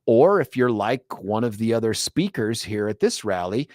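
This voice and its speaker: A man's voice: fairly low pitch, sing-song, normal speed, a little mellow, dry recording. A man hosting a talk radio show, delivering an opinionated, sarcastic monologue and mocking others in put-on voices, on a studio microphone.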